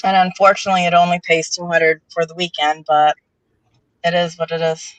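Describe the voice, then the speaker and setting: A woman's voice: lowish voice, steady tone, brisk, no room sound, poor audio. An easygoing, wry woman, chatting as a guest. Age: 40s. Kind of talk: casual live-stream chat.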